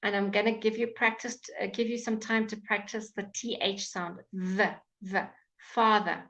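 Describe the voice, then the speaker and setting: A woman with a British accent teaching English pronunciation in a live online class, enunciating words slowly and clearly, with frequent fillers. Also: mid-range voice, little pitch movement, lo-fi sound. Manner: slow, clear, drawn-out enunciation with many fillers. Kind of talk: live online language lesson.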